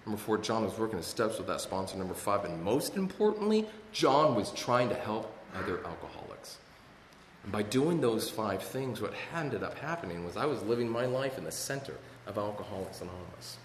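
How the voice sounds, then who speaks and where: A man giving an earnest personal recovery talk, halting, with many restarts and repeated words. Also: lowish voice, sing-song. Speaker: recovery speaker sharing his story. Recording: echoey hall, faint room noise.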